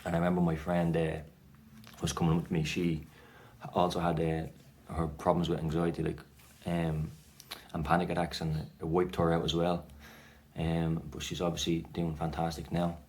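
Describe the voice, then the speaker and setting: A man's voice: sits low, monotone, normal speed, darkish tone. An Irish man telling a personal story casually to camera, rambling with lots of fillers and restarts. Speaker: vlogger sharing his anxiety story.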